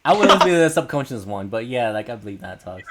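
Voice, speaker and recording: A man co-hosting a podcast in casual chat with friends, animated and laughing often, trailing off into mumbles, on a home mic over an online call. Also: medium pitch, quick pace. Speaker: podcast co-host.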